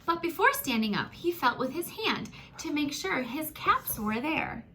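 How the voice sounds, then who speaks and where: A woman reading a children's picture book aloud, animated and gasping, talking to young listeners as friends. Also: high voice, unhurried, slight background noise. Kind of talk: expressive children's story read-aloud.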